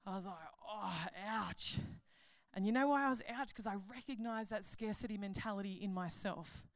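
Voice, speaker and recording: A woman giving a sermon at a conference, chatty and animated, joking and laughing at her own stories. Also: mid-range voice, fast, dry recording, studio quality. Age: adult. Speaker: conference speaker, pastor.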